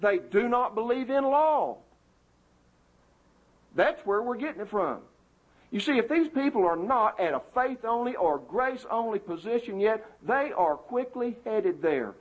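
Indignant preaching man, husky high voice. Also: big pitch swings, measured pace, narrow, tinny audio. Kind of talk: sermon.

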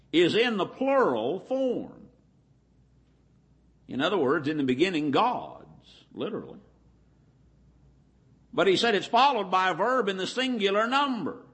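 Male preacher, high tense voice, deliberate emphatic sermon reading. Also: a bit bright. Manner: deliberate, stretches key words slowly. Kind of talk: Bible lesson sermon.

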